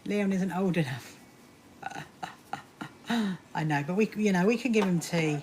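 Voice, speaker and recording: A woman's voice: lowish voice, unhurried, darkish tone, slight background noise. A woman hosting a casual sewing live stream from home, chatting with viewers and laughing often.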